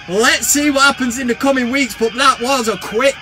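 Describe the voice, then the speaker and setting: An English man hosting a football fan vlog, talking to camera in an animated, sarcastic rant and swearing freely. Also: extremely high pitch, moderate pace, soft background music, a faint crowd.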